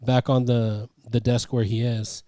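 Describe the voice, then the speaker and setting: A man's voice: mid-range voice, a little slow, no echo. A young man co-hosting a casual movie review, eagerly retelling scenes with lots of restarts. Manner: animated retelling with frequent restarts and fillers. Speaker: podcast co-host.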